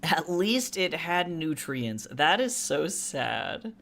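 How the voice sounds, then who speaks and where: A streamer and artist chatting casually on a live stream while drawing, rambling with many fillers and asides, reading chat aloud and jumping to higher, louder bursts when joking. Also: very animated, slow, creaky.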